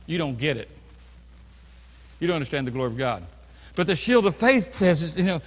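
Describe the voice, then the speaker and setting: A man preaching a sermon as pastor, swinging from loud bursts down to quiet, low passages. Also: animated, fairly quick, pauses often, long reverb tail. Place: church sanctuary.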